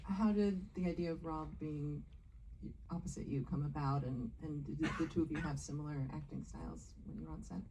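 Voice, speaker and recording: A woman's voice: low voice, fairly quick, background noise. A woman moderating a live Q&A, asking questions lightly with laughs, picked up from a distance. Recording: voice picked up from far off.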